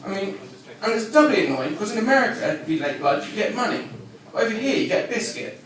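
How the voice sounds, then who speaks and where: A man working a comedy club crowd, high-voiced and swinging widely in pitch as he fires off brash, crude punchlines. He sits well back from the microphone in a very echoey room. Clear audience laughter rolls in behind him. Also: fast talker, far from the mic, a little hiss or hum. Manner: deadpan one-liners, brash and crude. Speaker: stand-up comedian. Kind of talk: live stand-up routine.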